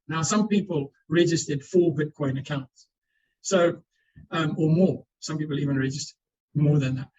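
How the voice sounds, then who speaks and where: Here a husky, higher-pitched man answers webinar questions as a panellist, earnestly explaining and often starting over with repeated words. It's a video call recording with dull audio.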